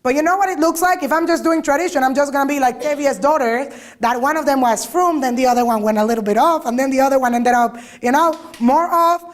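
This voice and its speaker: A woman giving an informal talk to a group, lively and always asking her listeners questions. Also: sits high, fast. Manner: lively, asks the audience many questions. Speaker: lecturer.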